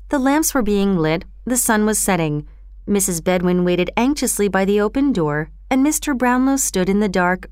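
A woman reads a storybook chapter aloud in a calm, even way. Her voice is smooth and clear in a dry recording, with a middle pitch. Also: dry recording. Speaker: narrator.

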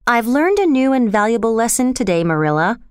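A woman's voice: on the high side, very animated, fairly quick, clear, resonant tone, dry recording, clean studio sound. A woman voicing a proud, stubborn young girl who speaks coldly and firmly. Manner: cold, firm and formal.

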